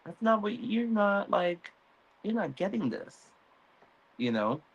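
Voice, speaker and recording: A man's voice: sits high, very animated, slow pace, creaky, slightly rough, lo-fi sound, voice pushed up, heavily acted. A man voicing a scornful queen mother who cuts down her son, in a mocking, sneering tone.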